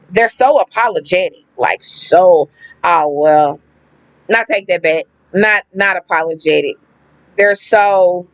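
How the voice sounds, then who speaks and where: A woman telling a personal story to the camera in a casual, animated way, acting out what others said and repeating words for emphasis. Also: fairly low pitch, no echo, low-quality recording. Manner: animated, acts out quoted people, emphatic repetition; slangy, conversational. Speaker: vlogger.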